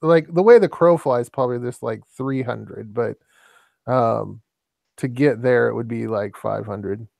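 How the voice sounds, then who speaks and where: A man's voice: medium pitch, a little slow, gravelly, darkish tone, no echo. A man from Iowa chatting casually on a voice call, telling rambling stories and laughing at them. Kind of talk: casual storytelling chat.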